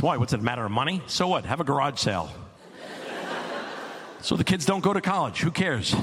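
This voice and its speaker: A man in his forties performing a stand-up comedy set, telling stories deadpan and building to loud absurd bits. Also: mid-range voice, noisy background.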